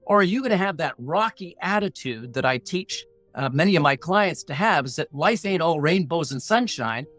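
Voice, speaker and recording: Soft background music sits under a middle-aged man's slightly high, animated voice as he tells a personal story at a moderate pace, pausing little, his tone a bit bright. A negotiation coach guesting on a podcast, he talks in a blunt, plain-spoken, punchy motivational way, earnest throughout and acting out inner voices.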